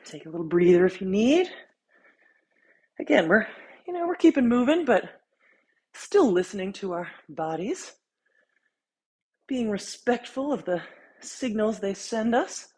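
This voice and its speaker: A woman fitness instructor talking a follow-along workout while she exercises, counting reps, out of breath, relaxed and encouraging. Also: mid-range voice, unhurried, pauses often, husky.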